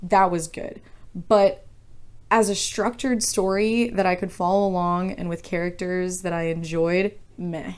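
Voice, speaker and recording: A woman's voice: fairly low pitch, level tone, a little slow, a little mellow, smooth. A young woman casually ranting about a book she reviews, frank and exasperated, swearing freely and rambling.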